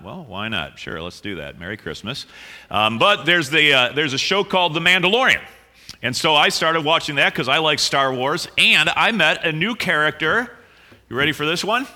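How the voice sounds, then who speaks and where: A middle-aged male pastor opens with a prayer and then chats with his congregation in a loose, joking manner, stumbling over fillers. His voice is very bright and forward. A long reverb from the church hall trails every phrase. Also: mid-range voice. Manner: relaxed, joking, with fillers and restarts. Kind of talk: sermon opening with prayer and chat. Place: church sanctuary.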